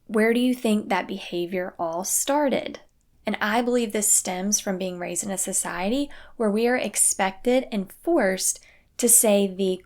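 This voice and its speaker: A young woman hosting a parenting podcast, talking calmly and earnestly in a scripted solo talk. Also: mid-range voice. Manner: calm, earnest, acts out quoted phrases.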